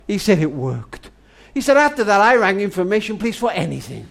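A man telling a long tender story on a family radio program, addressing the listener as "darling" and slowing right down to hushed words for emphasis. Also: sits high, sing-song, gravelly. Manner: tender, dramatic storyteller, often says "darling"; slows and drops to near-whisper for emphasis. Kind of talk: storytelling talk.

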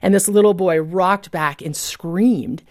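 A woman guest author telling a moving story in a radio interview, vivid and heartfelt, dropping to a hush at key moments. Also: fairly low pitch, slow pace, no echo, clean studio sound.

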